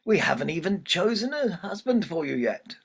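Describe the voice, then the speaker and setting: A man voicing a stern, commanding sun goddess who shouts at her daughter in a told folktale. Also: high-pitched, big pitch swings, normal speed, creaky, breathy edge, pitched above the performer's own voice, heavily acted. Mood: angry.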